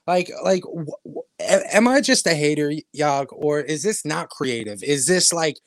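A man's voice: on the high side, animated, unhurried, dry recording, clean studio sound. A man hosting a podcast, ranting sarcastically and cursing at rivals. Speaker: podcast host.

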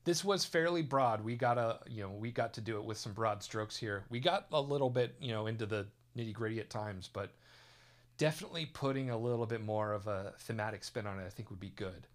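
A man from California co-hosting a theme park podcast, relaxed and casual with dry humor. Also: lowish voice, brisk. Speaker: podcast co-host. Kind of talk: casual chat.

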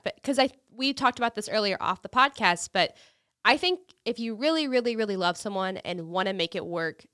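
Female podcast co-host, bright crisp voice, dry close sound, animated delivery. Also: medium pitch, no room sound. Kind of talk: casual podcast chat.

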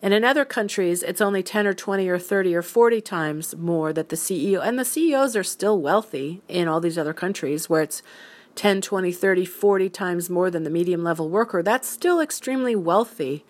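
A woman's voice: on the low side, a little fast. A woman giving a casual, opinionated solo monologue, explaining her views earnestly with everyday examples. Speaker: solo commentator.

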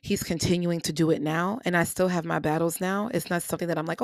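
Earnest woman, low, dry close mic. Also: fairly even intonation, fast talker, no echo. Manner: earnest, emotional, repeats phrases for emphasis. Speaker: podcast host. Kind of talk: personal faith podcast talk. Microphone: podcast microphone.

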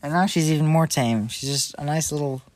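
A man's voice: fairly high pitch, a little fast, dry recording. A man co-hosting a casual chat, laid-back and joking, often laughing. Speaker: co-host.

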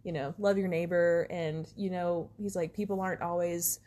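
A woman's voice: on the low side, fairly even intonation, moderate pace, mellow. A woman co-hosting a podcast, telling stories in casual chat with lots of fillers and restarts. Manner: rambling storyteller, many fillers. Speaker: podcast co-host.

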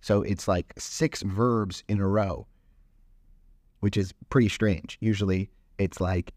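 A man co-hosts a podcast, talking loosely through a scripture passage. His voice sits low, and the sound is dry and close. He rambles, with frequent fillers and restarts. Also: steady tone, takes it slowly, darkish tone, no echo. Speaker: podcast co-host. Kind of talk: casual chat about scripture.

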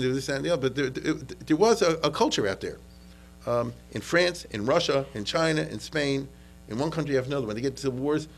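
A man's voice: mid-range voice, poor audio. A man lecturing on history in a loose, conversational way. He repeats words as he gathers his thoughts and keeps asking whether his listeners follow. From United States. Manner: conversational, checks in with "okay?" and "you understand?"; frequent restarts and repetitions.

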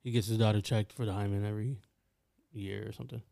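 A man's voice: on the low side, steady tone, quick pace, creaky, mellow. Teasing podcast co-host, a man. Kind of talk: casual chat.

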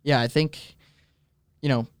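Young man hosting a relaxed sports chat. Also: mid-range voice, smooth, no echo, studio quality. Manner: thoughtful, fills pauses with "um". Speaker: host. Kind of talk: casual sports talk.

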